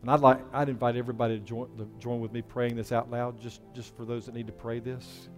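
A male pastor delivering an impassioned sermon in a church, swinging between loud preaching and a hushed, soft voice. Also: mid-range voice, level tone, quick pace. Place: church sanctuary. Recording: long hall reverb with faint music.

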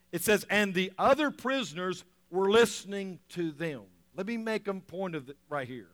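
A man preaching a sermon, swinging between loud emphatic lines and soft quiet ones, with chuckles between points. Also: sits high. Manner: animated preaching, rising loud then dropping soft. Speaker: pastor.

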